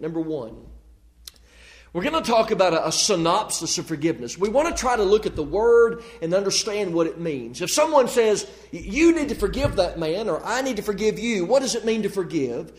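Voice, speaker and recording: A man with a high-pitched voice delivers a sermon, reading scripture aloud. He speaks in a measured, deliberate way, pausing to stress key words. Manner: measured, deliberate, with emphatic pauses. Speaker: preacher.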